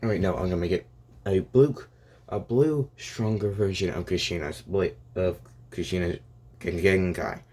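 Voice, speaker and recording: A man's voice: low voice, normal speed, darkish tone, husky. A young man improvising a rambling fan story aloud, full of restarts and "and he's like" asides. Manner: rambling, many restarts and "and it's like".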